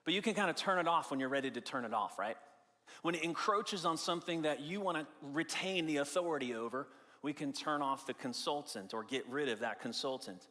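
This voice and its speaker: A man's voice: fairly high pitch, a little fast, pushed and bright, big-room sound. A male pastor preaching a sermon in a conversational, explaining way, stressing key phrases by repeating them. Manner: conversational, explaining with everyday examples. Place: church sanctuary.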